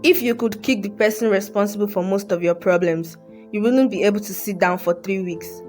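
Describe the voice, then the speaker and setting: A woman narrating a moral story in a measured, earnest way. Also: medium pitch. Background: soft music.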